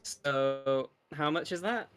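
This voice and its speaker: A man playing a tabletop game, blunt and quick to swear. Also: fairly high pitch, over music. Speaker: player. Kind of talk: casual tabletop game chat.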